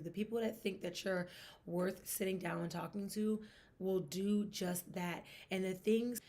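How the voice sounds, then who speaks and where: A young woman hosting a sports podcast, talking in a chatty, expressive way with emphatic asides. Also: medium pitch. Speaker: podcast host. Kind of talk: casual sports gossip chat.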